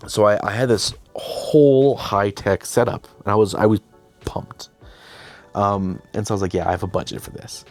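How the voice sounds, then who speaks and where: A man's voice: on the low side, moderate pace, soft background music. A young man hosting, casually telling a behind-the-scenes story, chatty and self-deprecating, often quoting himself and others. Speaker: host.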